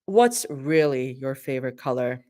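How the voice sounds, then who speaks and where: A woman reading a fanfiction aloud, voicing a teasing young woman who speaks low and matter-of-fact. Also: expressive, normal speed, warm tone. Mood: flat.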